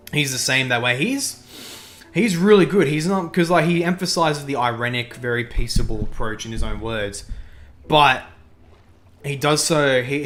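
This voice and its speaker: A man's voice: medium pitch, fairly bright tone. A young man hosting a livestream who chats casually while gaming, thinking aloud, repeating himself and reacting to the game and chat. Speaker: livestream host.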